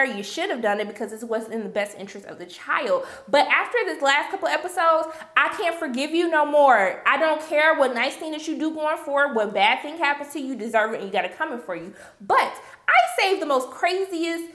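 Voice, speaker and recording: A woman recapping a TV episode in a casual vlog, chatty and opinionated, slangy, calling her viewers y'all and swinging into loud outrage. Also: a little high, echoey room. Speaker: TV recap vlogger.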